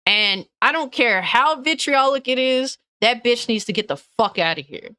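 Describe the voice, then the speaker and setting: A woman's voice: fairly high pitch, lively intonation, moderate pace, bright, forceful tone, smooth, no room sound. A woman gaming news streamer ranting angrily and bluntly, swearing often and reading chat comments aloud. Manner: angry, profane, blunt.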